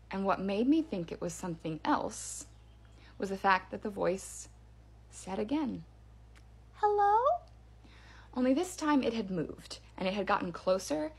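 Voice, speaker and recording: A woman casually telling a spooky story in a clip, with hushed delivery and drawn-out pauses for suspense. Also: medium pitch, vocal fry, husky. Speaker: storyteller in a social video clip.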